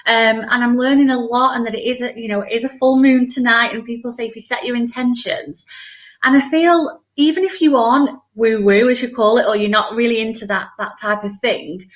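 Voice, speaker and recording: A woman's voice: a little high, steady tone, brisk. A woman chatting casually and emotionally, with lots of fillers and restarts. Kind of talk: casual chat.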